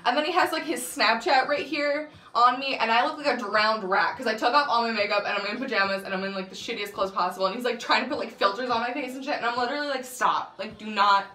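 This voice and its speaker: A woman's voice: a little high, fast talker, few pauses, bright, forceful tone. A young woman telling a dramatic storytime on her vlog, swearing often and laughing as she goes. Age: young adult. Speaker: vlogger. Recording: roomy echo.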